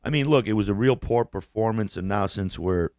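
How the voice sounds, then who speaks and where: A man's voice: fairly low pitch, fairly quick, darkish tone, clear, resonant tone, no echo, studio quality. A man co-hosting a casual podcast chat, swearing constantly and rambling, often laughing as he mimics people. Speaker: podcast co-host.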